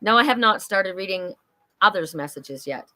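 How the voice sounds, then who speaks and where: A woman's voice: medium pitch, animated, normal speed, pushed and bright. Woman, middle-aged, oracle reader, livestream host, chatty, upbeat, spiritual cheerleader.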